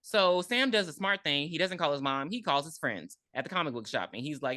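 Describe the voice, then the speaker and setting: A woman's voice: sits low, a little fast, no echo. A woman co-hosting a podcast, casually recapping a film and acting out the characters' lines. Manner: animated, acts out characters in quotes. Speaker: podcast co-host. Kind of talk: casual movie recap chat.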